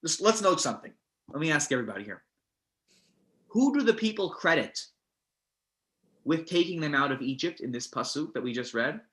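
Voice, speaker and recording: A man teaching a text study class, animated, with many restarts, acting out the verses. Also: on the high side, a little fast, pauses often.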